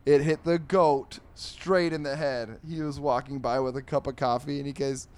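His voice is medium in pitch, darkish and clean, with fairly even intonation. As a comedy podcast host, he reads newspaper comics aloud in a casual way, tossing in quick character voices and rambling sarcastic asides.

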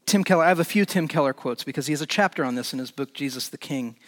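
A male pastor preaches quickly in a slightly high voice, animated and rising to emphatic peaks. His sermon echoes with long reverb, like the sound of a large hall.

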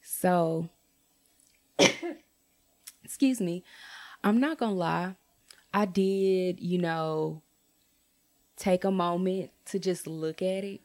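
Young woman doing a storytime rant, cusses a lot, gets loud and high when shes fed up. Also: very slow, pauses often. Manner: animated, swings to high exclaims; blunt, profane, talks straight to viewers. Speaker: vlogger.

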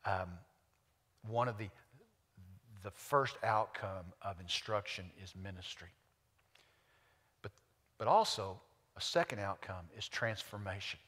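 A man with an Oklahoma accent preaching a sermon, folksy and animated, often building to loud excitement. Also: lowish voice, big-room sound. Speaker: pastor.

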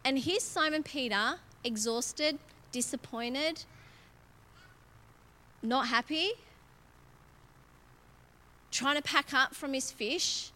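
A middle-aged woman preaching in a relaxed, chatty way, her voice sitting fairly high. She reads scripture and then talks it through with growing emphasis, like she's speaking to friends. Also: slow pace, pauses often. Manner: chatty and expressive, building emphasis as she goes. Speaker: church speaker. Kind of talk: conversational sermon with Bible reading.

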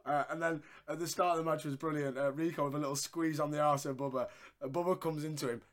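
A fairly high-voiced man talks through a wrestling match in casual podcast chat. He laughs often, swears freely and acts out lines as he goes. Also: fairly even intonation, fast talker. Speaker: podcast co-host.

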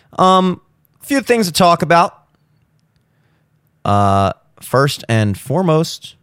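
Hungover young male podcast host, mid-pitch, profane ranter, dry close sound. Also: dry recording. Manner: profane, ranting, swings into loud exasperated outbursts. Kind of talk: casual monologue.

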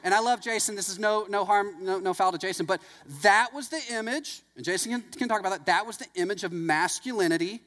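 Male pastor, middle-aged, chatty storytelling sermon, voice a touch high, long hall echo. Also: fast talker, few pauses, a bit bright. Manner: conversational, anecdotal, full of "like".

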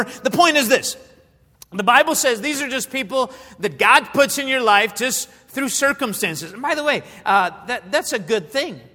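A pastor preaching a sermon, animated, with frequent fillers and asides to the congregation. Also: male voice, high voice. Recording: long reverb of a large hall.

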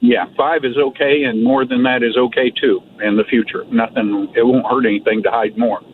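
A man's voice: medium pitch, fairly even intonation, normal speed. A male caller on a call-in radio show, explaining his garden problem in a plainspoken, rambling way. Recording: tinny phone line with faint hiss.

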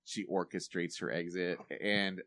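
A man's voice: sits low, level tone, measured pace, fairly bright tone, no echo, studio quality. A man chatting casually about films on a podcast. He rambles, uses a lot of fillers and swears. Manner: rambling, filler-heavy, profane. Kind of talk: casual chat.

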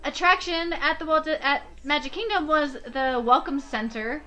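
High, bright-voiced woman co-hosting a podcast. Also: normal speed. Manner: animated, laughs often, walks through show notes. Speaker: podcast co-host. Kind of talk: casual chat.

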